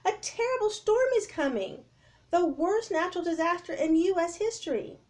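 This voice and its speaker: A woman's voice: sits high, slow pace, pitched above the performer's own voice. A woman voicing an urgent young boy. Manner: urgent, excited shouting.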